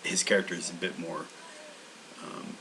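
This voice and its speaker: A man's voice: deep voice, level tone, normal speed, vocal fry, very noisy. A man hosting a language-learning channel, talking in a meandering, casual monologue full of restarts.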